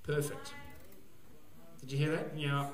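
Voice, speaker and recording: High-voiced rambling New Zealand comedian. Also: male voice, expressive, unhurried, echoey room, far from the mic. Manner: rambling, loose delivery with frequent fillers and bursts of shouting. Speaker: stand-up comedian. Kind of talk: stand-up comedy set. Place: live venue stage.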